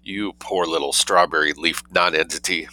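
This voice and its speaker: A man's voice: sits low, fairly even intonation, moderate pace, bright, forceful tone. A man reading as a pompous, condescending minister. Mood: scornful. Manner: condescending, spasmodic delivery. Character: pompous young cabinet minister.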